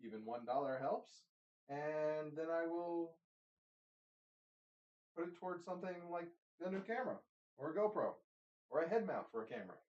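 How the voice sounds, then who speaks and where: A man's voice: a little high, animated, moderate pace, pauses often, a little mellow. A man rambling casually at home while filming a tech vlog, talking to his gear and wandering off on tangents, recorded on a handheld camera. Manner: chatty, talks to objects, many tangents. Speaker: tech vlogger. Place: room at home. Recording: roomy, distant, dull camera audio.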